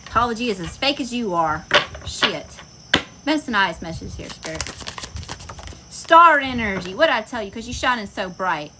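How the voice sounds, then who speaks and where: A woman's voice: a little high, expressive, normal speed, heavy background noise. A woman giving a casual tarot reading, talking bluntly and emphatically with plenty of profanity. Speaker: tarot reader. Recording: insects and crickets chirping behind.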